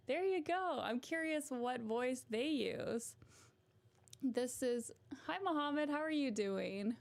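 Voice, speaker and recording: A woman's voice: sits high, animated, takes it slowly, creaky. A young woman hosting a casual livestream, chatty and giggly as she talks to her viewers. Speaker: livestream host.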